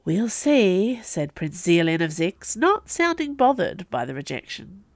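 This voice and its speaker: A woman narrating a fantasy novel in an expressive storytelling manner. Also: on the low side, moderate pace, no echo. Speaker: audiobook narrator. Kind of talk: scripted fiction narration.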